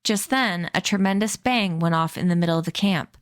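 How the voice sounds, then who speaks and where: A woman's voice: lowish voice, normal speed, smooth, dry recording, studio quality. Woman reading a novel aloud. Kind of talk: read-aloud storybook narration.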